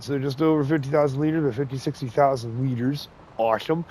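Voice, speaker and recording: A man's voice: mid-range voice, fairly even intonation, fast, a little mellow, husky. Congested man chatting over gameplay. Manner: chatty, folksy, chuckles often. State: congested, nasal from a cold. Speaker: gaming channel host. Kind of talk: casual gameplay commentary.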